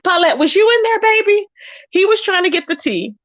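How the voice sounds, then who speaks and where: Sassy high-voiced woman gossip host. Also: very animated, fairly quick, no echo, lo-fi sound. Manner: sassy and blunt, scolding, frequent "child, okay?"; greets viewers by name mid-rant. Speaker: YouTube commentary host. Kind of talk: casual gossip commentary livestream.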